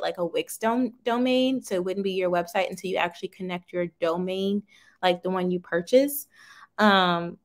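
Give me a talkative woman hosting a casual livestream, folksy and relaxed. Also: medium pitch. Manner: chatty, folksy, reads out viewer comments. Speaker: livestream host, small business owner.

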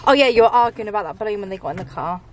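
A woman's voice: mid-range voice, animated, very fast, noisy background. A woman vlogging as a mother, chatting casually, swearing freely and laughing often. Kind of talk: casual vlog chat.

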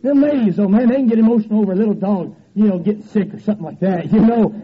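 High-voiced preacher in an echoey church. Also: male voice, rapid-fire. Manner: animated, folksy and joking, swings from loud to soft. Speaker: revival preacher. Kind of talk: revival sermon. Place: church sanctuary. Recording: echoey church, dull old tape.

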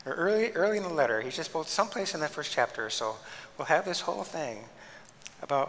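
A man lecturing in a big hall with a long echo. His voice is bright and forceful, and he talks in an animated, emphatic way, acting out the people in his stories. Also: a little high, quick pace. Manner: animated, emphatic, acts out quoted speech. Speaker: guest lecturer and pastor. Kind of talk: lecture with storytelling.

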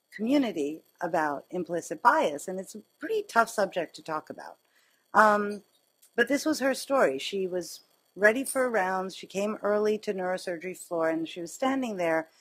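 A woman surgeon giving a lecture, telling personal stories in a conversational, animated way. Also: mid-range voice, normal speed, slightly rough, poor audio. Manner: conversational, animated storytelling with laughs. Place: lecture hall.

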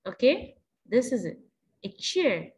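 A woman's voice: a little high, very animated, slow pace, darkish tone. A woman teacher taking young pupils through an exam revision lesson, asking patient prompting questions in a sing-song way.

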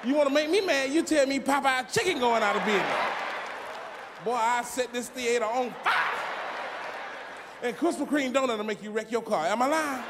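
A man with a strikingly high voice performs stand-up comedy in a big theater, loud and often shouting his punchlines into a handheld mic. A large crowd roars around him, and the live recording carries plenty of noise. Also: normal speed.

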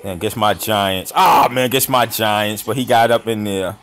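A man hosting a reaction video, talking along to football highlights with slangy, excited exclamations and frequent laughter. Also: measured pace, faint music behind. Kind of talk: excited sports reaction commentary.

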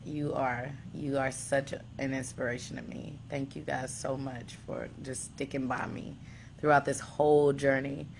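A young woman thanking her fans in a tearful, halting way, with restarts and soft laughs. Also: very deep voice, level tone, gravelly, background noise. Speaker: singing contestant addressing fans. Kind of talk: emotional thank-you video to fans.

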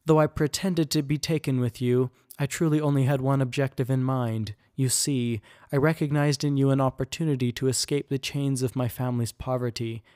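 A man's voice: medium pitch, steady tone, fairly quick, few pauses, darkish tone, no echo, studio quality, close to an everyday voice. A man voicing a scheming young man who formally confesses his ruse in a letter. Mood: confessing. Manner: formal, stately letter reading.

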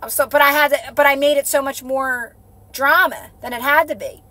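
An earnest woman coaches her viewers on a live phone stream. Her voice sits high and bright. The sound is close and dry, and she keeps checking in with listeners as she repeats her point. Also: steady tone, brisk, no room sound. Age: adult with a child. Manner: earnest, repetitive, coaching with frequent "right?". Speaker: manifestation coach. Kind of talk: casual live-stream talk.

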